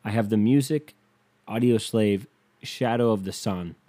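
Young man, low voice, mellow tone, rambling casual storytelling, swears a lot. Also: measured pace. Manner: rambling, profane, restarts a lot.

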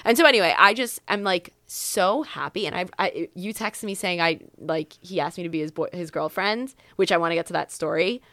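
A woman's voice: fairly low pitch, fairly quick, few pauses, fairly bright tone, no room sound. A young woman co-hosting a podcast, chatting casually and emphatically, often restarting her sentences. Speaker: podcast co-host. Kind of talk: casual chat.

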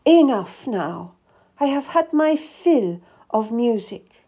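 A woman's voice: a little high, big pitch swings, takes it slowly, dark tone, slightly rough, heavily acted. A woman voicing a distraught young noble lady. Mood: insistent.

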